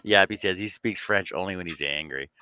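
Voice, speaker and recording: A man's voice: deep voice, a little fast, heavy background noise. A man from Canada hosting a casual livestream chat, reading viewer comments with jokes and frequent laughter. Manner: laughs often, jokey. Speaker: livestream host.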